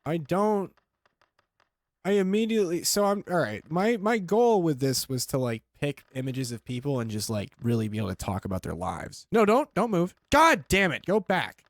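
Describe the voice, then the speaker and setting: A man hosting a comedy podcast, chatting casually and riffing on jokes with quick tangents. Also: a little high, very animated, no echo. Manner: rambling, joking, quick tangents. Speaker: podcast host.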